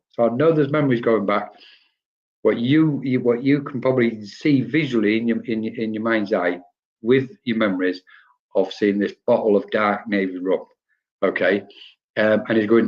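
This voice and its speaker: A chatty man talks through spirit readings on a live stream. He rambles, greets viewers by name and laughs easily, and his voice sits at an ordinary middle pitch. The audio is slightly dull and lo-fi. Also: a little slow, pauses often, darkish tone. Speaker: medium giving spirit readings.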